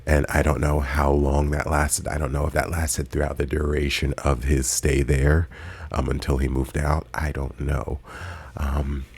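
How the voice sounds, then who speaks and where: A man's voice: a bass voice, completely flat delivery, measured pace, a little mellow, husky. A man hosting a reaction video, recapping an episode in casual, chatty commentary with playful quoted asides.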